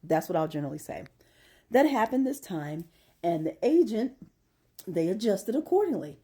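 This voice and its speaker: A woman's voice: mid-range voice, big pitch swings, normal speed, mellow, breathy edge. A middle-aged woman vlogger venting in a casual, emphatic monologue and telling her story with exasperation.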